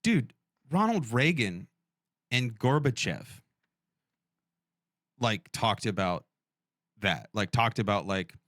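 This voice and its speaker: A man's voice: on the low side, expressive, slow pace, long pauses, a bit bright, dry recording, studio quality. A man co-hosting a podcast in loose, profane casual chat, filling his talk with "like" and "dude". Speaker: podcast co-host. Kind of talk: casual conversation.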